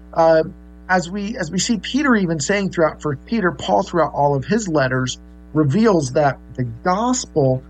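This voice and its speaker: A man's voice: fairly high pitch, low-quality recording. A man preaching a sermon, earnest and explaining, with many fillers and restarts. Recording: faint mains hum.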